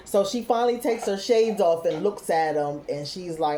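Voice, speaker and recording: A woman talks through a TV episode in a laid-back recap, quoting characters in her own voice. Her voice sits low and sounds mellow and dark. There's a faint hiss of noise behind her. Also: normal speed, few pauses. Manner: retells scenes loosely, quoting characters, with frequent "you know what I'm saying". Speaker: TV recap host.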